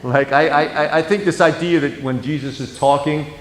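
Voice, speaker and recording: A man's voice: on the high side, fairly even intonation, moderate pace. A man, a pastor teaching a Bible class in a conversational lecture, who acts out the words he quotes with expression and drops casual asides. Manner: casual, asides like "you know what I mean".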